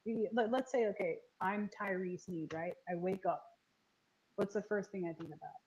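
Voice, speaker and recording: A woman's voice: medium pitch, steady tone, moderate pace, darkish tone, husky, low-quality recording. A woman hosting a casual stream, asking probing questions and often restarting her sentences. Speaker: stream host reading chat. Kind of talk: casual chat and interview.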